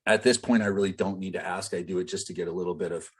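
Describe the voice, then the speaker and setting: A man's voice: low-pitched, steady tone, quick pace, breathy edge. A man working as a business coach, teaching a live online group call in a loose, conversational way full of fillers and direct asks to the group. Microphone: video call.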